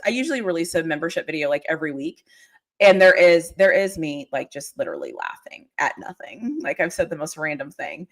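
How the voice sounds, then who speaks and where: A young adult woman hosting a casual livestream, chatting with her viewers and laughing often. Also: on the low side. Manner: giggly, animated, laughs often. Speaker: livestream host. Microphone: desk mic.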